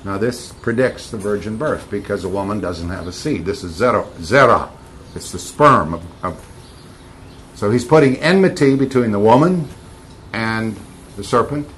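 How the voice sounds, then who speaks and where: A man's voice: fairly low pitch, animated, moderate pace, slight background noise. A man giving informal Bible teaching to a group, emphatic, repeating key words and bantering with his listeners.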